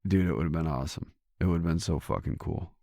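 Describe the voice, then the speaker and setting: Brief: middle-aged male podcast co-host, hoarse and gravelly, very deep, dry close mic, rambling chat. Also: brisk, mellow, no room sound. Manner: rambling, restarts and swears casually. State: hoarse, losing his voice. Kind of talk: casual chat. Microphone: studio microphone.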